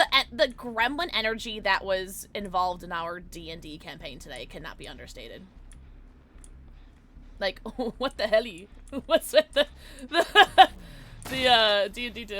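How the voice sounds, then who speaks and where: A woman's voice: a little high, fairly bright tone, a little hiss or hum. A woman streaming live from home, chatting with viewers and reacting to her game in playful slang. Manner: bubbly, playful slang, talking to chat. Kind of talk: live gameplay commentary with chat.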